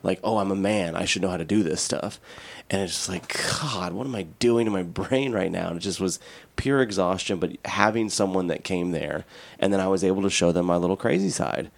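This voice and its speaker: Low gravelly man telling a story. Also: brisk. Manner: candid, rambling storytelling with many "like"s. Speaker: podcast co-host. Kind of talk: casual podcast chat.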